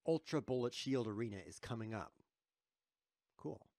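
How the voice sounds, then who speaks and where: A man's voice: medium pitch, moderate pace, vocal fry, darkish tone, dry recording. A man streaming live chess commentary, joking and chuckling as he reads chat messages aloud while he plays.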